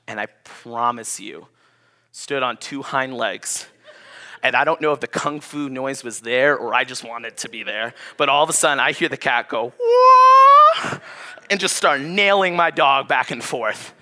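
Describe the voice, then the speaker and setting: Animated storytelling man preaching a sermon. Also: medium pitch, normal speed. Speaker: pastor.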